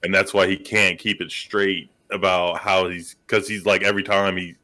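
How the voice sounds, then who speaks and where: A man with a very low voice and a bright, forward tone talks loosely on a movie podcast. He works through his theories in a relaxed, crude way, with lots of fillers. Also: normal speed. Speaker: podcast co-host. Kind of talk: casual movie podcast chat.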